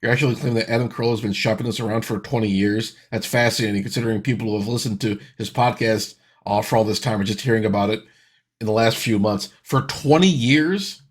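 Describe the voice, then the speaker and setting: A man's voice: lowish voice, quick pace, husky. Man, thirties, reaction host, sarcastic, exasperated, casual commentary.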